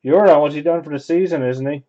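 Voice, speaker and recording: A man with a slightly higher, mellow voice talks casually as he opens packs. He thinks aloud in loose, offhand running commentary. The sound is dull and lo-fi. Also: fast. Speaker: card break host. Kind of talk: casual card-opening commentary.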